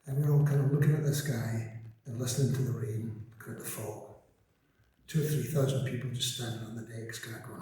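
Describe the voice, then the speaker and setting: A man's voice: mid-range voice, steady tone, fairly quick, dark tone. A man in his seventies from Scotland, telling wry, self-mocking stories onstage between songs. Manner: dry, self-mocking humor. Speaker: singer-songwriter on stage. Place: large concert hall. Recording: echoey concert hall from a distant mic.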